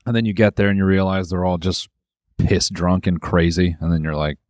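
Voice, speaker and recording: A man's voice: low voice, fairly even intonation, brisk, a little mellow, no room sound, studio quality. A man co-hosting a comedy podcast, joking crudely and laughing often in casual chat. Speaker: podcast co-host.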